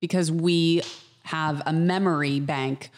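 A man's voice: a little high, fairly even intonation, slow. A man hosting a casual interview, often chiming in with agreement while his guest explains. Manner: frequent agreeing backchannels.

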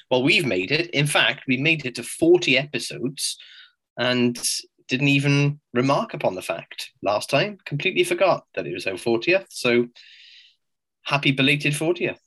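Bright-voiced man in his forties. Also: medium pitch, expressive, moderate pace, breathy edge, low-quality recording. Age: 40s. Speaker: podcast co-host. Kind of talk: casual chat.

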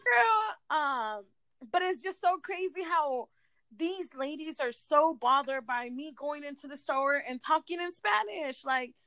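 A woman's voice: high-pitched, animated, a little slow, pushed and bright, dry recording. A woman co-hosting a podcast in casual chat, emphatic, with lots of fillers and swearing. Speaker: podcast co-host.

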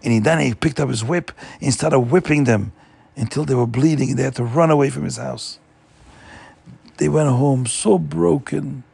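A man telling a story in an animated, emphatic way, recorded dry and close. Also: mid-range voice, moderate pace, creaky, husky, no room sound. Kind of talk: oral storytelling.

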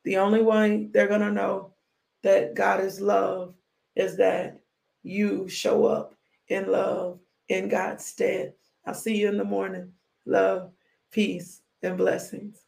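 A woman minister delivering a fervent devotional blessing in a gravelly voice. Her pitch stays flat and even as she repeats blessing after blessing, now and then breaking into whoops. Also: slow pace.

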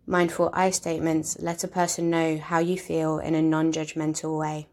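A woman reads a scripted lesson in a calm, measured way. Her voice sits low and stays flat, with little rise or fall. She explains each point plainly and steadily. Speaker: instructor. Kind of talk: scripted instructional narration.

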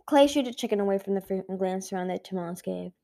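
A woman reading a children's fantasy novel aloud in a measured way, with small slips and restarts. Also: mid-range voice, gravelly, mellow. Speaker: audiobook reader. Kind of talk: storybook read-aloud.

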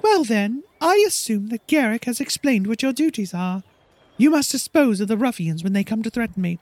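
A man's voice: extremely high pitch, animated, normal speed, darkish tone, no room sound, pitched above the performer's own voice. A man voicing a vain, imperious female actress, reading her game lines aloud in a grand, theatrical way. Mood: haughty.

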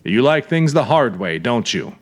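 A man's voice: mid-range voice, sing-song, moderate pace. A man doing a firm, blunt young cop. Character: calm, firm young male small-town police officer. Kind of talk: audiobook character voice.

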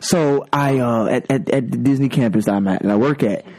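A man talking as a podcast guest in casual chat, laughing easily and often restarting his sentences. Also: medium pitch. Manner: animated, quick to laugh, stammering restarts.

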